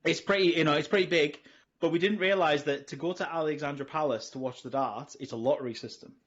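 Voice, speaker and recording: A middle-aged Englishman co-hosting a casual podcast, his voice sitting a little high for a man. He rambles through animated stories, restarting his sentences as he goes. The recording is dull and lo-fi. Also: fast talker. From England. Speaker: podcast co-host. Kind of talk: casual chat. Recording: dull lo-fi audio.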